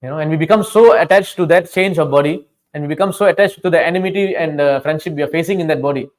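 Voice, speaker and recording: A man's voice: on the high side, quick pace. Chatty man telling a scripture story. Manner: chatty, keeps asking the listeners questions; simple, informal phrasing with frequent restarts. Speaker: teacher of scripture.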